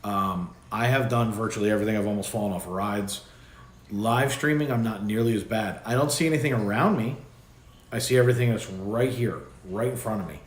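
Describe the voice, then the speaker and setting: A man's voice: on the low side, a little fast. A man hosting a livestream, chatting casually and rambling with loose restarts. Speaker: livestream host. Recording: echoey room with faint background noise.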